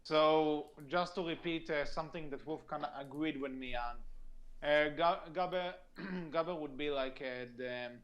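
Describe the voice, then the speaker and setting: A man's voice: on the high side, muffled recording. A man co-hosting a podcast over an online voice call, talking casually with frequent laughs, fillers and restarts. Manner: giggly, halting, lots of fillers and restarts. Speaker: podcast co-host. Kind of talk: casual chat.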